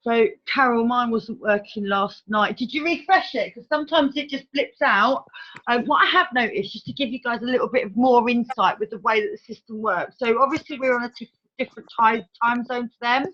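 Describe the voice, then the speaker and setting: A woman hosting a team training over a video call, talking in a brisk, chatty, organizing way. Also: on the high side. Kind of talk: casual online meeting talk. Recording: dull video-call audio.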